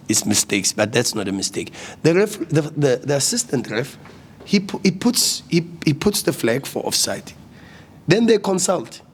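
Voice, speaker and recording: A man's voice: medium pitch, slight background noise. A man, a football coach speaking at a post-match press conference, passionate and repeating words when agitated. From South Africa.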